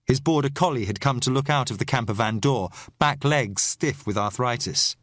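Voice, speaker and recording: A man narrating a mystery novel in the first person, measured and expressive. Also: medium pitch, no room sound, studio quality. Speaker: audiobook narrator.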